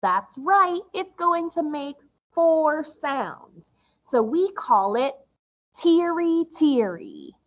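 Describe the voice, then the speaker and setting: Slow, sing-song woman music teacher. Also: high voice, very animated, muffled recording. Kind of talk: recorded lesson for young children.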